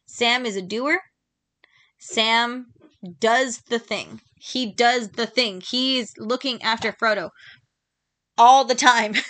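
A woman hosts a casual solo book podcast with a bright, forward tone and a slightly higher voice. She talks chattily and with emphasis, repeats herself for stress and fills pauses with ums. The sound is close and dry. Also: no room sound. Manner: quick laughs between points. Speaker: podcast host.

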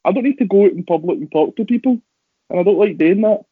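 A young Scottish professional wrestler chats casually on a podcast, rambling and throwing in self-deprecating asides. His voice is high-pitched, expressive, fast and husky, captured in dry, phone-like lo-fi audio.

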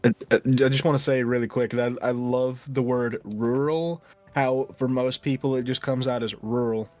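Joking man with halting restarts. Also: mid-range voice, fairly even intonation, a little mellow, faint music behind. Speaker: podcast co-host. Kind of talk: casual podcast banter.

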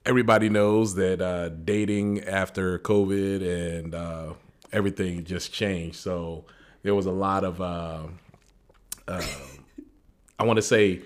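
A man co-hosts a podcast from a dining room. He has a very deep voice and an unhurried way of talking. He hesitates often, with lots of "uh"s and light chuckles. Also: steady tone. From New York. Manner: hesitant, many uhs, chuckling. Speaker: podcast co-host. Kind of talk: casual podcast chat.

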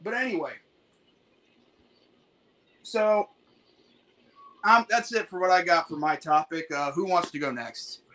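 A man hosting a podcast in casual chat, lively and quick to laugh while steering the talk to the next topic. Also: high voice, slight background noise. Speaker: podcast host.

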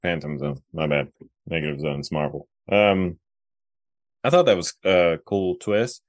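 A man with a very low voice co-hosting a casual comics podcast. He talks in a laid-back way, full of fillers, on a dry, close recording. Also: steady tone, measured pace, no echo. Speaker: podcast co-host. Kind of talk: casual chat.

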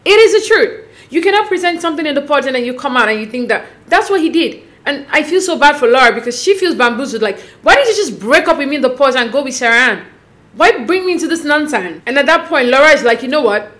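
A woman giving a casual, sassy recap of a reality show, speaking expressively with sudden jumps in pitch. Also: expressive, fast talker, a bit bright.

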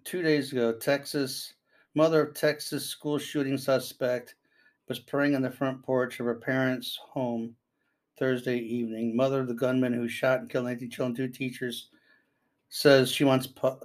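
A man's voice: mid-range voice, flat delivery, normal speed. Earnest rambling grandfather giving advice. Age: older. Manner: rambling, reads news aloud and reacts. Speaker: commentator. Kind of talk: casual spoken commentary.

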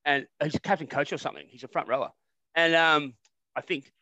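A man's voice: a little high, fairly even intonation, brisk, pushed and bright, no echo, highs cut off. A middle-aged Australian man co-hosting a satirical sports podcast, blokey and jokey, swearing freely and laughing often. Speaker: podcast co-host.

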